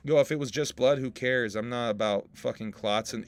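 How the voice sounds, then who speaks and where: A man's voice: medium pitch, lively intonation, takes it slowly, fairly bright tone. A man hosting a casual livestream podcast, joking with his chat, laughing often and swearing freely. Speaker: podcast host and rapper.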